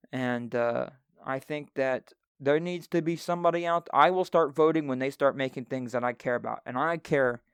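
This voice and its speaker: A man's voice: smooth, no echo. Profane, ranting man on a dry mic. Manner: profane, ranting, swings into loud high-pitched outbursts. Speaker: podcast co-host. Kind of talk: solo podcast rant. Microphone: handheld microphone.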